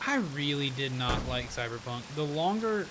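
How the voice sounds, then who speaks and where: A man's voice: mid-range voice, lively intonation, moderate pace, noisy background. A man streaming live as he plays a game, chatting casually in a rambling, musing way, with hedges and bits of dry sarcasm. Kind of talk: casual chat while playing a game. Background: game music.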